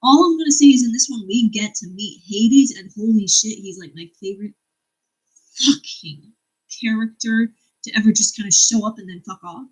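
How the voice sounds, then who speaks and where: A woman's voice: mid-range voice, normal speed, breathy edge, low-quality recording. A woman vlogger chatting casually about a book series, enthusiastic, cursing freely and laughing often. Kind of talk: casual chat about books.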